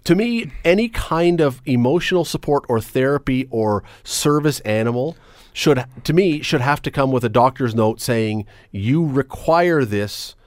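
A man's voice: medium pitch, animated, no echo, studio quality. Wry opinionated man hosting radio talk. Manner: opinionated, wry, quick to joke. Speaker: radio talk show host. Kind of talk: casual talk radio banter. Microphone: studio microphone.

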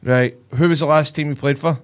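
A man bantering and guessing, jokey and excitable, swearing freely. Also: a little high, a little fast. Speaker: blindfolded guest guessing identity. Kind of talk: casual banter.

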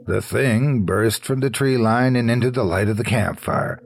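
A man narrating a scripted horror story in a slow, low, hushed storytelling manner. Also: vocal fry.

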